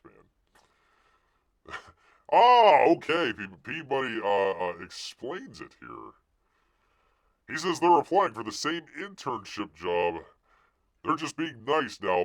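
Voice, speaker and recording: Lively-voiced joking stream host, man. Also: fairly low pitch, no echo. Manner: jokey, rambling, calls himself Bear in third person. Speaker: live-stream show host. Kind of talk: casual live-stream commentary.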